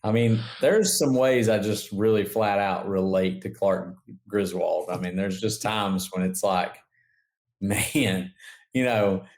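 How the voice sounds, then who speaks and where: Brief: male podcast co-host, lowish voice, loose rambling chat, laughs easily. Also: takes it slowly, a little mellow. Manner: chatty, lots of fillers and laughs. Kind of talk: casual chat.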